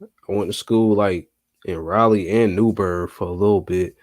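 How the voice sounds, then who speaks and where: A man's voice: low-pitched, fairly even intonation, moderate pace, darkish tone. A young man from North Carolina telling a story on a podcast in a laid-back, slangy way with lots of fillers. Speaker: podcast co-host. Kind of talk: casual storytelling. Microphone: remote call.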